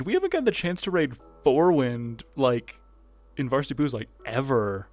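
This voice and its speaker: A man's voice: medium pitch, big pitch swings, normal speed, no room sound, faint music behind. Rambling, laughing male streamer. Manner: loud, rambling, laughing to himself. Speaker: streamer and roleplayer. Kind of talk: casual VR roleplay stream chat.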